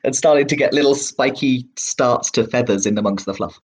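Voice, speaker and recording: A man narrating as game master in a relaxed, rambling way with many fillers. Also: mid-range voice, fairly quick, breathy edge.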